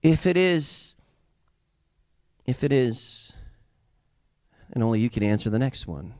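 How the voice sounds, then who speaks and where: A man with a Southern US accent preaching a sermon with passion, swinging from loud cries to hushed intensity and calling on the congregation to repeat after him. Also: mid-range voice, expressive, slow pace, no echo, studio quality. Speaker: pastor.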